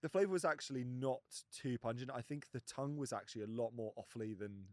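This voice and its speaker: Animated man telling a food story. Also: mid-range voice, fast, dry recording, clean studio sound. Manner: animated storyteller, acts out quotes. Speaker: podcast co-host. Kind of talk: casual storytelling chat.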